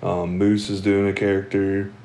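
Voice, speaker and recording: A man's voice: fairly low pitch, completely flat delivery, normal speed, dark tone. A young man telling stories in casual chat, rambling, laughing often and swearing freely. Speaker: podcast co-host.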